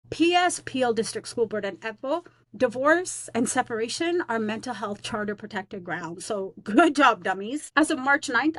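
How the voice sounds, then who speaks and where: A woman with a fairly high voice vents straight to camera in a rambling, defiant vlog. Her talk is blunt and full of slang and fillers. The sound is dry and close, with no room echo. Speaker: teacher on leave. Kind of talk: casual vlog rant to camera.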